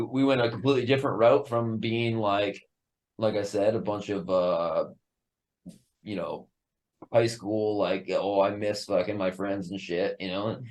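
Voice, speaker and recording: Excitable profane metal band man. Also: lowish voice. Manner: excitable, profane, laughs often. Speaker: metal band member, guest. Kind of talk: casual podcast interview.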